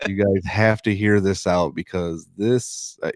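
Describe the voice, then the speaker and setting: Male podcast co-host, low voice, casual sports chat, dry sound. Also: unhurried, no room sound. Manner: laughing, animated when reading quotes.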